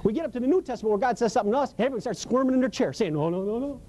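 A man's voice: very high-pitched, racing, warm tone, slight background noise. A man preaching a Bible study in a conversational, emphatic way, telling stories and laughing as he goes. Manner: storytelling, emphatic, colloquial, laughs often. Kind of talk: conversational sermon.

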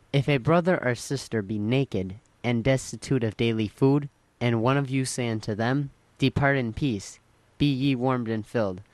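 A man reading Bible verses aloud slowly and deliberately during a sermon. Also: medium pitch, dry recording. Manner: slow, measured reading. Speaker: scripture reader.

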